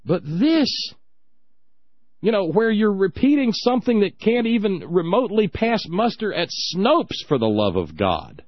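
A man's voice: sits high, sing-song, measured pace, no echo, lo-fi sound. A man hosting a talk radio show, ranting with indignant sarcasm.

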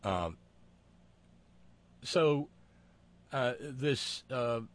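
A man hosting a political talk show, with wry, sarcastic asides and many pauses and fillers. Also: mid-range voice, expressive.

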